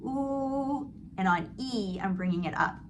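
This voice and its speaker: Against a noisy background, a middle-aged woman speaks at medium pitch and a moderate pace while teaching singing as a vocal coach. She alternates sung vowel exercises with technique explanations, demonstrating vowel slides and sighs before calmly explaining.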